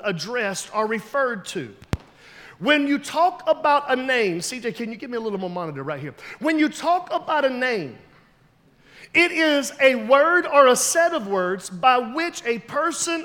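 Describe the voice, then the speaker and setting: High-voiced man preaching a sermon. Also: in a large hall. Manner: storytelling preacher, builds to loud emphatic shouts. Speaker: pastor.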